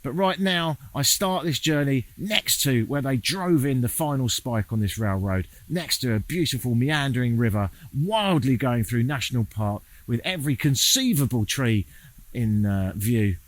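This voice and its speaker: A man's voice: medium pitch, expressive, normal speed, dry recording. A man making a casual travel vlog while walking outdoors, sardonic and self-mocking, swearing freely. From England. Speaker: travel vlogger. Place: outdoors, walking through a town.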